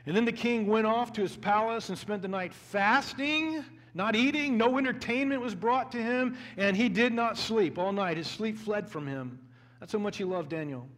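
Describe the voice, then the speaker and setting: A male pastor with a notably high voice delivers a sermon, reading scripture between his points. He speaks earnestly, often repeats words as he restarts a thought, and pushes into louder, emphatic stretches. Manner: builds to a louder, emphatic preaching pitch.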